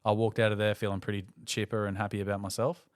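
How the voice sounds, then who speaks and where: Speaking fast in a lowish voice with a clean tone, an Australian man in his thirties hosts a casual podcast. He's an animated storyteller, relaying funny anecdotes and performing the voices of the characters in them.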